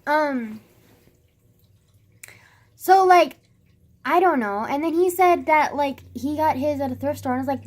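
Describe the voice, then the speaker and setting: A woman's voice: high voice, moderate pace. A young woman telling a rambling story in a casual vlog, full of "like" and swearing, acting out what people said. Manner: rambling, heavy use of "like", swearing; animated retelling with quoted dialogue.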